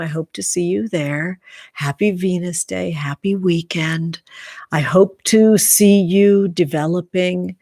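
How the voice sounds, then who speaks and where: A woman hosting a tarot live stream in casual chat, affectionately calling viewers honey and sweetie and sometimes dropping to a soft whisper. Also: on the low side, no room sound, clean studio sound. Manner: drops into soft whispers while reading comments.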